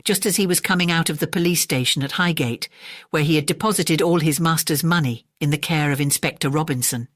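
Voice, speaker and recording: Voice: medium pitch, a little fast, fairly bright tone, no echo, clean studio sound, close to an everyday voice. The narrator voicing a grave police sergeant in a bedtime mystery audiobook. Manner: grave, wondering.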